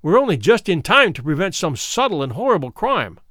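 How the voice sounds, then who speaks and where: A man's voice: high-pitched, big pitch swings, brisk, pushed and bright, no room sound, clean studio sound, heavily acted. A man voicing an earnest, uneasy male doctor companion in a storybook reading, speaking in earnest exclamations.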